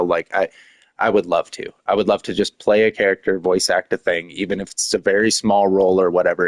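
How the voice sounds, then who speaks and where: A man's voice: deep voice, no room sound. A man chatting casually on a live stream, rambling with many fillers and frequent laughs.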